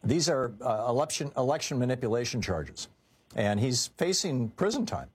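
Husky man hosting call-in radio. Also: medium pitch, very animated, moderate pace. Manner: conversational, opinionated, many fillers. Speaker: radio talk show host.

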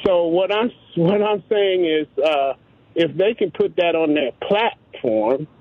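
A man's voice: fairly high pitch, dry recording. Earnest, hesitant male caller over a tinny phone line. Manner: earnest, hesitant, many filler pauses. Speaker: radio caller. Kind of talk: call-in radio talk.

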